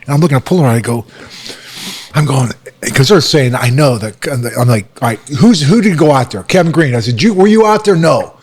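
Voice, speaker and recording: Animated storyteller man acting out quotes. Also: brisk, breathy edge. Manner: animated, acts out quotes with sharp rises in pitch. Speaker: guest, former football coach. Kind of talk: storytelling in casual chat.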